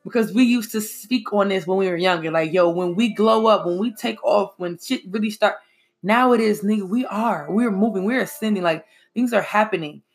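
A woman in her twenties talking in an animated, profane, emphatic way in a casual chat. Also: medium pitch, normal speed. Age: 20s.

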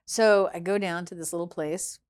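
A woman chef, a guest in an interview, telling a story in a lively way, acting out what people said and swinging between hushed and loud. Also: on the low side, normal speed, smooth. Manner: animated, acts out quoted voices, swings between hushed and loud. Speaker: chef and restaurant founder, guest.

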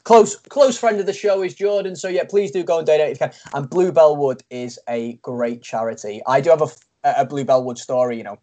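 This is a Liverpool man co-hosting a relaxed podcast with a friend. His voice sits high for a man. He talks in an upbeat, chatty way and often stumbles and restarts his words. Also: brisk. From Liverpool, England. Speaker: podcast co-host. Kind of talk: casual podcast chat.

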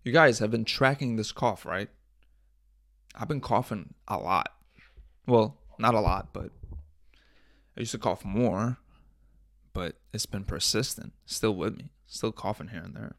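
A young man hosting a casual solo podcast, rambling and swearing with jokes, often coughing and clearing his throat into a close microphone. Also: fairly low pitch, a little slow, pauses often, no room sound. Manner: rambling, profane, jokey, drifts between loud bits and mumbling. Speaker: podcast host. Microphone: studio microphone up close.

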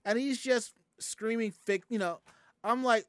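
Speaking at a moderate pace in a medium pitch, this Southern US streamer recounts a story to chat in a loose, lively, foul-mouthed way, performing each character. The sound is clean studio audio without room sound.

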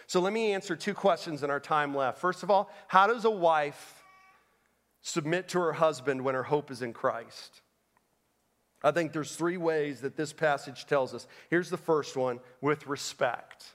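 A man preaching a sermon as pastor, moving between loud emphatic lines and soft, low passages. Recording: long reverb of a large hall.

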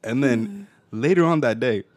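A man's voice: mid-range voice, animated, normal speed. A young man co-hosting a casual talk show, telling a story in slangy, joking banter and teasing a friend.

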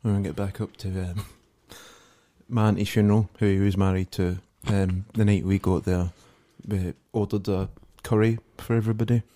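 A man's voice: lowish voice, little pitch movement, moderate pace, warm tone. A Scottish man co-hosting a casual podcast, telling rambling anecdotes with lots of swearing and laughter. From Scotland. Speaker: podcast co-host. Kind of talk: casual banter.

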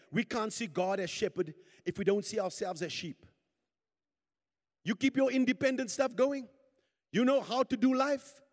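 A man with a strikingly high voice preaches to his congregation, calling on them to answer back and climbing into shouts. The sound rings with the long reverb of a church hall. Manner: call-and-response preaching, urging the congregation to repeat; rising to shouts at peaks. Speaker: pastor. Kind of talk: sermon.

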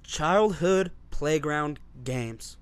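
A man's voice: on the high side, extremely slow, clear, resonant tone. A young man co-hosting a casual podcast, joking around, breaking into silly voices and coughing now and then. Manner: joking, puts on silly accents, coughs often. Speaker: podcast co-host. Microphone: podcast mic.

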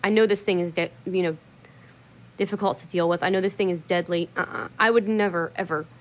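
A woman's voice: fairly low pitch, fairly even intonation, brisk. Blunt, foul-mouthed woman ranting casually. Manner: blunt, swears freely, laughs hard. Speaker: vlogger. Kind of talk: casual rambling chat.

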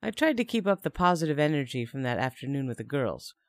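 A woman's voice: a bass voice, big pitch swings, fast talker, no room sound, studio quality. A young woman narrating a first-person story in a chatty tone with wry asides.

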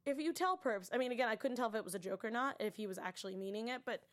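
A woman hosting a TV after-show, recapping an episode in casual, animated chat, acting out characters' lines and dropping to whispers for asides. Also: medium pitch, very fast.

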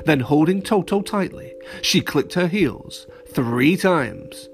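Slow, animated man telling a children's story. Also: on the high side, faint music behind. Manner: animated, playful, addresses children.

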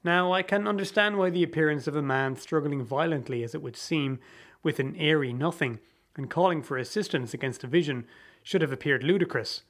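Guy narrating a story audiobook style, kinda high voice, slow and theatrical. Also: a bit bright.

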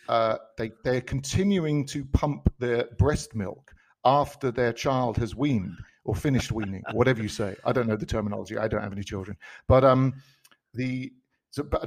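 A man's voice: medium pitch, vocal fry, a little mellow. Dry-humored Englishman with a London accent. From England. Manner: dry, joking storyteller with many restarts. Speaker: podcast co-host. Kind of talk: casual comedic chat.

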